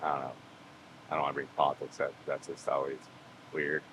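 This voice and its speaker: A man's voice: rumbling low, little pitch movement, fairly quick. A man chatting casually as a podcast guest, rambling through a story and acting out the voices of others. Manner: rambling, acts out quoted voices. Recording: background noise.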